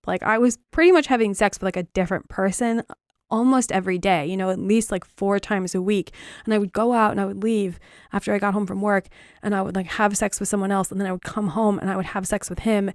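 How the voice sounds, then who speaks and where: A woman's voice: mid-range voice, dry recording. Young woman host, confessional storytelling, blunt and filler-laden with gallows humor, dry close-miked sound. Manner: frank, filler-heavy, dark humor. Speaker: podcast host. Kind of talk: candid personal storytelling.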